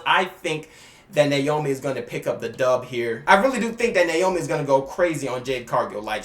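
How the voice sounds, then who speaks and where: An excitable man chats through his predictions in slangy, casual speech, with a lively pitch that jumps around. His voice rings in a roomy, echoey space. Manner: animated, slangy, excitable, acts out scenes. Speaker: YouTuber giving wrestling predictions.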